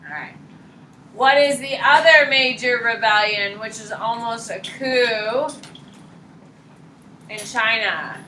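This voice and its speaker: A woman teaching a high school history class, quizzing students by name in a blunt, casual way. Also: slow pace, long pauses, pushed and bright. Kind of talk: classroom lecture and questioning. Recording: echoey classroom, distant mic, light noise.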